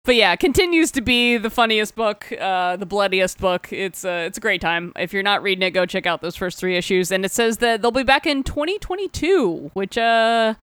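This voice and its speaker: A woman's voice: mid-range voice, expressive, normal speed, hardly any pauses, a bit bright, clean tone, no echo, clean studio sound. A woman co-hosting a podcast, retelling a comic in casual chat, giggling and swearing as she rambles. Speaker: podcast co-host.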